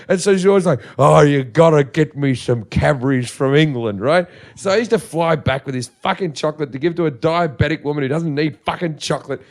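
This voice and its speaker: An Australian man telling a comedic story on a podcast, animated and profane. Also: a little high, brisk, few pauses. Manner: profane, animated, doing voices of his parents. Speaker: podcast host.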